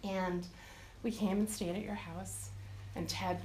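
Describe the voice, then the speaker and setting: A woman shares a heartfelt remembrance at a memorial. She speaks hesitantly and nervously, filling pauses with "um." Her voice rings in a roomy hall, with faint noise underneath. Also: medium pitch, fairly even intonation, darkish tone. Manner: nervous, hesitant, many "um"s, tender. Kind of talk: personal remembrance. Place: memorial gathering room.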